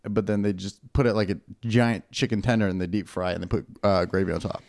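A man's voice: fairly low pitch, steady tone, quick pace, darkish tone. A young man co-hosting a comedy podcast, telling stories in a laid-back way and slipping into silly voices. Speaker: podcast co-host. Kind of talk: casual comedic chat.

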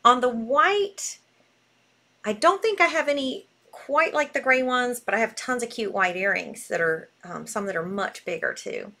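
A bubbly woman hosts a live selling stream and gushes freely. Her voice sits a touch high for a woman, bright with easy enthusiasm. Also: animated, moderate pace. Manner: bubbly, gushing. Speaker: live sale host.

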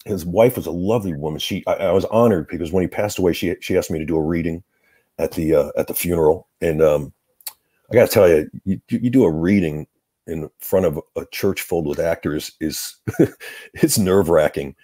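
A middle-aged man, a guest actor, telling lively anecdotes in a casual interview and laughing between lines. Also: deep voice, normal speed, husky, no echo.

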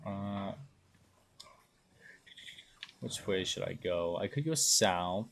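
A young man streaming a game live, chatting along casually and breaking into loud excited exclamations. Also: low voice, very slow, a little hiss or hum. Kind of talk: live gameplay commentary.

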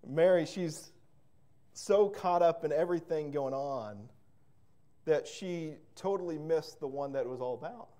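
A man's voice: a little high, unhurried, warm tone. A man preaching a sermon as pastor, fervent and emphatic, repeating words and breaking into storytelling asides.

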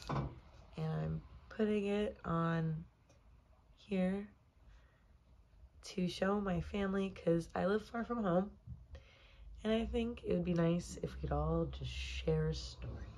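A young woman at home reading a children's book aloud to her dog, talking in a soft, gentle, unhurried way. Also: on the low side, slight background noise. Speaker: home reader. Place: home corner indoors.

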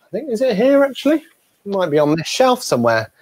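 A man, a guest ventriloquist, telling stories in a lively chat and acting out other people's voices. He talks from a room at home over a video call. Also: high voice, fast talker. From United Kingdom. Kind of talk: animated storytelling in a chat.

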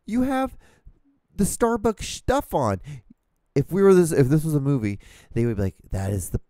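Male solo podcast host, mellow voice, dry close mic, swears a lot while ranting. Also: on the high side, wildly swooping pitch, normal speed, no room sound. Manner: profane, exasperated ranting. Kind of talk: casual solo rambling rant. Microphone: studio microphone, talking to camera.

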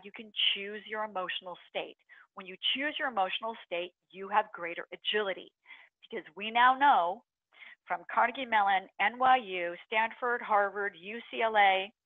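Woman webinar presenter, energetic, expressive, tinny phone line, dry sound. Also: medium pitch, no room sound. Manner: energetic, acts out inner voices with sighs and gasps.

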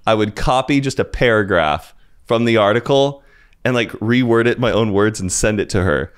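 A young man with a fairly low voice chats easily as a podcast guest. He tells long, meandering anecdotes and peppers them with "like" and "dude". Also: moderate pace, clean tone. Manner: rambling anecdotal storytelling with frequent "like" and "dude". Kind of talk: casual chat.

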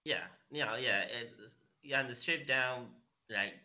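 A man hosting a casual interview, speaking in a halting way with lots of fillers. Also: mid-range voice, pushed and bright. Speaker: podcast host.

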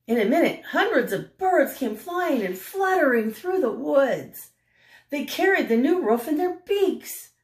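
An older woman reading a picture book aloud in a gentle way, pausing to ask the listener questions. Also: high voice, very animated. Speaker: storyteller. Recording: roomy echo.

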